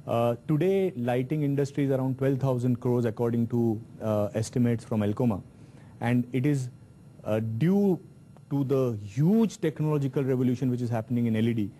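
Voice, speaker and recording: Industry executive, very dark mellow voice, steady factual delivery, faint hiss. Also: male voice, medium pitch, normal speed. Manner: steady, factual, with many fillers. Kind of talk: panel discussion answer.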